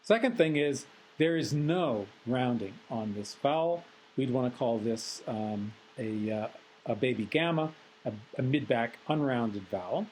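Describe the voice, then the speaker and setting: Male lecturer, mid-pitched, measured and analytical, recorded lecture delivery with frequent pauses and fillers. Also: animated, a little mellow, slight background noise, low-quality recording.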